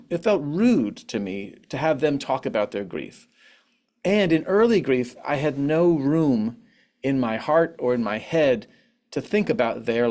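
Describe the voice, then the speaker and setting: A man giving a candid, reflective online talk on grief, now and then acting out what others said in a higher voice. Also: darkish tone. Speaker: conference speaker on grief. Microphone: online presentation mic.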